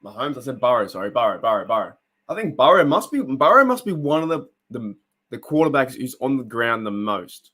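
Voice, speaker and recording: A man's voice: medium pitch, very animated, a little fast, pushed and bright, breathy edge. A young Australian man hosting a casual live stream, reacting to a game and chatting with viewers in a loose, rambling way. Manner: chatty, rambling, reads out chat comments.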